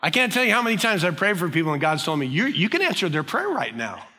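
A pastor delivering a sermon, earnest and emphatic, his fairly high voice carrying a bright, forceful edge. The sound rings with the long reverb of a large hall. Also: very animated, fast.

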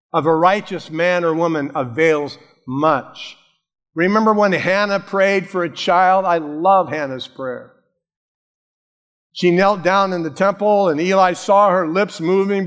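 Pastor guy preaching, kinda high voice, acts out the voices, big echoey church hall. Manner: animated storytelling, acting out quoted voices. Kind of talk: sermon.

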